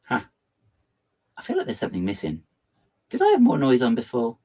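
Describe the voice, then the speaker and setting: A man chatting playfully and self-mockingly while building on a livestream. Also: fairly quick. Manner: lively, theatrical swings into high pitch. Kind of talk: casual livestream chat.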